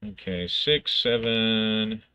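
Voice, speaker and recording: A man's voice: lowish voice, lively intonation, extremely slow, bright, forceful tone, low-quality recording. A man thinking aloud as he plays a solo tabletop game, reading rules aloud and narrating the action in bursts.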